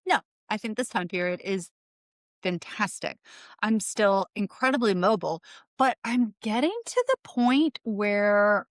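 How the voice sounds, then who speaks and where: A woman's voice: mid-range voice, dry recording. A middle-aged woman hosting a podcast, talking in a chatty, rambling way full of "like" and asides. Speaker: podcast host. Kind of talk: casual solo podcast monologue.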